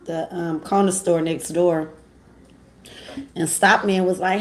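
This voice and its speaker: A woman's voice: on the low side, measured pace, creaky, slight background noise. A woman who owns a salon, chatting casually and relaying what others told her in quoted asides. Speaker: salon owner, guest. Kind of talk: casual chat.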